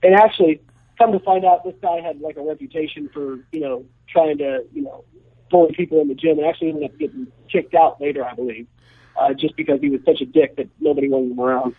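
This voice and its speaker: A young man tells a story in a loose, rambling way, full of fillers. His voice sits fairly high for a man. It comes through a tinny, dry phone line. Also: fast, no room sound. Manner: rambling, filler-heavy, laid-back. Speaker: guest. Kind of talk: casual storytelling on a call-in show.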